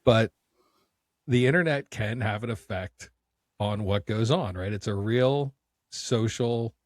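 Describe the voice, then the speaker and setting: A man's voice: fairly low pitch, takes it slowly, dry recording, studio quality. A man co-hosting a movie podcast, talking casually in an opinionated, joking, ranting way. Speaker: podcast co-host.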